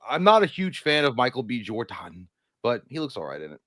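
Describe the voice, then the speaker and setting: A man's voice: mid-range voice, huge pitch swings, a little fast, a bit bright, dry recording. A man co-hosting a casual movie chat, joking and crude in loose banter. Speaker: co-host.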